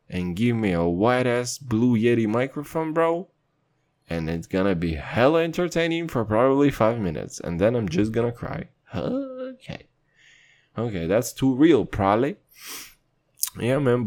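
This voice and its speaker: A man's voice: lowish voice, a little mellow. A young man hosting a podcast, talking in a crude, profane, rambling rant. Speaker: podcast host.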